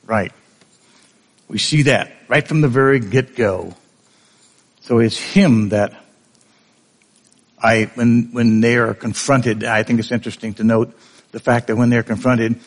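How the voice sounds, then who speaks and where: A male preacher giving a conversational sermon, often asking the congregation questions. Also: mid-range voice.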